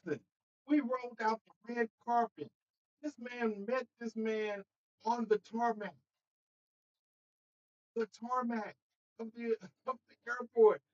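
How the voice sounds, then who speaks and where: A man hosting a casual political livestream, talking straight to his viewers in an animated way and laughing between points. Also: extremely high pitch, slow pace, long pauses, dull audio. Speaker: host.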